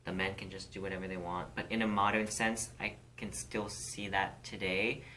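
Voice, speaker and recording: A woman's voice: a bass voice, steady tone, normal speed, fairly bright tone, a little hiss or hum. A woman co-hosting a casual podcast chat, candid and outspoken, swearing freely as she speaks with conviction. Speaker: podcast co-host.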